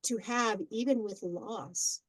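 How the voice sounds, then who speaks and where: A middle-aged woman, a podcast guest, telling family stories in a casual, animated way with frequent laughter. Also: a little high, slow pace, no room sound, low-quality recording. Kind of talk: casual storytelling.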